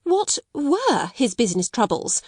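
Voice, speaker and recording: A woman's voice: wildly swooping pitch, a little slow, slightly rough, no room sound, studio quality, heavily acted. A woman voicing a haughty schoolmistress. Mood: shocked, indignant. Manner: indignant, haughty, rising to shrill alarm. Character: stiff proud schoolmistress, middle-aged woman.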